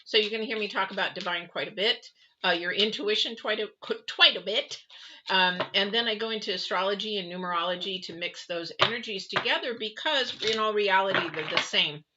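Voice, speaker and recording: Chatty woman, bright muffled stream. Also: medium pitch, fairly quick, a little hiss or hum. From West Coast of the United States. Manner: chatty, earnest, many fillers and asides. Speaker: tarot reader. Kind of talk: live-streamed weekly reading.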